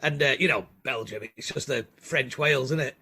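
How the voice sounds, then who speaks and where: A man's voice: mid-range voice, fairly quick, pushed and bright, slightly rough. A male comedian guest telling a rambling, self-deprecating anecdote, acting out the quotes.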